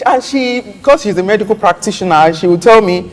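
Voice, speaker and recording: A soft-spoken speaker telling a personal story in a casual conversation, quoting what others said. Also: medium pitch, lively intonation, fairly quick, long reverb tail, a crowd in the background.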